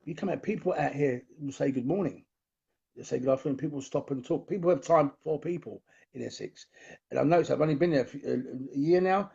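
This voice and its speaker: A man's voice: a little high, brisk, creaky, a little mellow, husky, lo-fi sound. A man with an East London accent, a guest on a video call, talking earnestly and in a friendly way. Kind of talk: casual interview chat.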